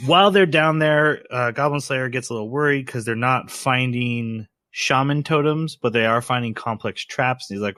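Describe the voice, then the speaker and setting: A man's voice: mid-range voice, moderate pace, hardly any pauses, bright, forceful tone, no room sound, studio quality. A man co-hosting a podcast, retelling an anime episode in casual chat, rambling and laughing as he goes. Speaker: podcast co-host.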